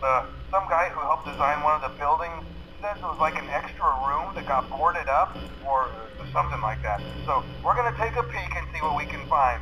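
A man's voice: fairly high pitch, expressive, a little fast, crowd noise. A man voicing a laid-back attraction manager in a recorded message, rambling with fillers and chuckles. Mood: easygoing. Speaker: recorded phone message from a boss. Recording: noisy recorded message audio.

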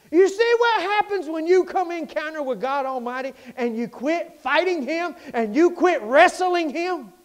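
A man preaching in a church, his voice sitting high and leaping all over the scale. He moves from ringing, fervent declarations to near-hushed asides, working the congregation. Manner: impassioned preaching, swings between loud and hushed. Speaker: pastor. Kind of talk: sermon. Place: church sanctuary.

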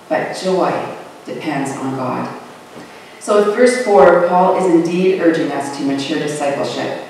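A preacher delivers a sermon at an unhurried, deliberate pace, leaning hard on single words. The voice sounds far from the microphone, with a long reverb filling a large church hall. A faint hiss sits underneath. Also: medium pitch. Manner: measured, with slow drawn-out emphasis on key words.

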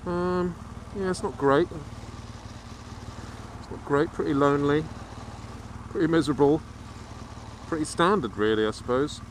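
Sweary biker over road noise. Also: male voice, on the high side, measured pace, long pauses. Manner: chatty, sweary, rambling. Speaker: motorcycle vlogger. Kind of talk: casual chat while riding. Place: riding a motorbike in city traffic outdoors. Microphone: helmet camera mic. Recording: loud wind and traffic noise.

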